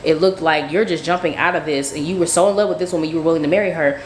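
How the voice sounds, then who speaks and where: A woman casually telling a story about a dream, animated, acting out both sides of the conversation. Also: low voice, rapid-fire, reverberant, slight background noise. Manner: animated, quotes herself and others, laughs often.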